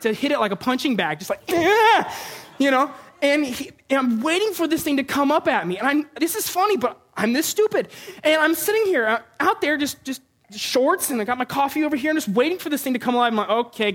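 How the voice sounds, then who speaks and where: A man preaching a sermon as a pastor before a congregation, telling a funny personal story with animated, self-mocking humor. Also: extremely high pitch. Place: church before a live congregation.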